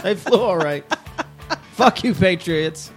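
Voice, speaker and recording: A man's voice: sits high, lively intonation, takes it slowly, husky, soft background music. A man co-hosting a sports podcast, blunt and profane, cracking jokes, with a Cincinnati accent. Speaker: podcast co-host. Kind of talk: casual chat.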